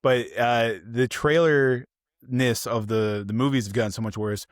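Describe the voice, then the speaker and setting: A man co-hosting a podcast, chatting casually about films and acting out the people in his stories with lively energy. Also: medium pitch, unhurried, no echo, clean studio sound. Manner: animated storytelling, acts out quoted people. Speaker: podcast co-host. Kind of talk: casual film review chat.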